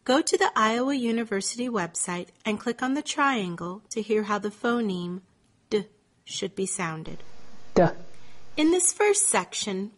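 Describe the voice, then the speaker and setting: A woman slowly narrating scripted teaching instructions in a measured, clearly articulated way. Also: medium pitch. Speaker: teacher giving lesson instructions.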